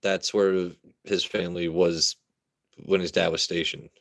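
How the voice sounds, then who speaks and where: A man's voice: low-pitched, level tone, unhurried, fairly bright tone. An American man hosting a live stream, joking loosely with his chat and repeating himself as he reads comments. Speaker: livestream host reviewing whiskey.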